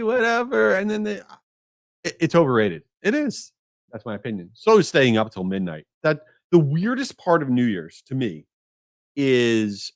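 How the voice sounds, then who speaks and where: A man hosting a solo podcast, talking energetically in a jokey, animated way with strong opinions. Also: mid-range voice, dry recording, clean studio sound. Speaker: podcast host.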